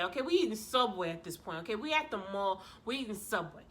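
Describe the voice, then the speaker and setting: A woman vlogger telling a story in a casual, animated way, full of slang and sass. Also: medium pitch, fast.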